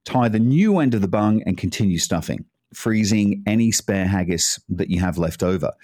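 A man's voice: fairly low pitch, expressive, normal speed, darkish tone, no echo, clean studio sound. A man giving a casual, chatty cooking talk, rambling into asides and laughing as he goes. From Scotland. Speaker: cooking presenter.

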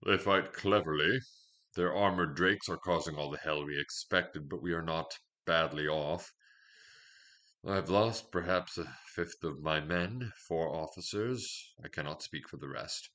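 A man's voice: low-pitched, unhurried, sharp tone. A man reading the part of a nervous, grumbling male general who speaks in an uneasy, deferential, hesitant way. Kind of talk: fiction reading.

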